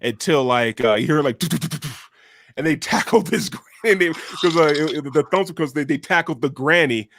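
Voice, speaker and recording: A man's voice: fairly high pitch, animated, a little slow, noisy background. A man co-hosting a casual podcast, rambling through stories with swearing and frequent restarts. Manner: rambling, profane, lots of fillers and restarts. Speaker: podcast co-host. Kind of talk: casual storytelling chat.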